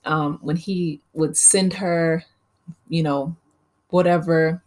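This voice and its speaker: A woman's voice: sits low, fairly even intonation, slow, a little mellow. A woman hosting her own channel, giving a casual, chatty movie recap with frequent laughs and fillers. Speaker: channel host.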